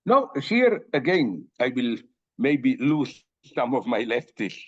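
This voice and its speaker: Speaking slowly in a very animated, medium-pitched voice, this older philosopher guest is emphatic in his interview, cracking jokes and using lots of fillers and restarts. The recording is dull and dry with no room sound.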